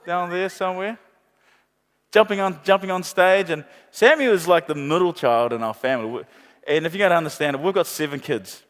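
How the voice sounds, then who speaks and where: A middle-aged pastor, preaching a sermon with passionate repetition and playful asides. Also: male voice, sits high, brisk, fairly bright tone, in a large hall. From New Zealand. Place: large church hall.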